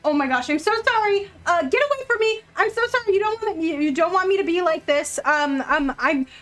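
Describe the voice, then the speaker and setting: A woman's voice: sits high, slow pace, a bit bright. A woman voicing a nervous possessed man who stammers and keeps apologizing in a tabletop game. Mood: nervous, apologetic.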